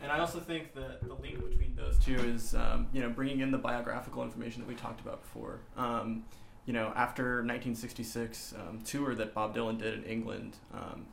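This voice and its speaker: A young man talks casually, leaning on fillers and loose phrasing. His voice has a gravelly edge. The room echoes around him with faint background noise. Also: medium pitch, steady tone, a little fast. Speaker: student interviewer. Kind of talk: casual discussion. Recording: roomy echo with faint noise.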